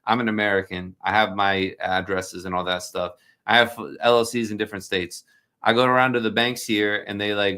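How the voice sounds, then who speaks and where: A man's voice: lowish voice, steady tone, normal speed, pushed and bright. A man from New Jersey hosting a casual livestream, answering viewer questions in a chatty, joking, rambling way with many fillers.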